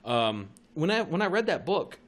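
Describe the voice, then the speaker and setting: A man's voice: fairly high pitch, moderate pace. A young man hosting a casual podcast, telling wild stories with constant swearing. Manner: profane, animated storytelling. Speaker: podcast host.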